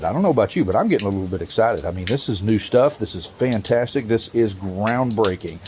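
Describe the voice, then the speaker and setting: A man telling a long prank story in a rough, profane, teasing way, with drawn-out, mock-serious emphasis. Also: on the low side, animated, background noise. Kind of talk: storytelling monologue.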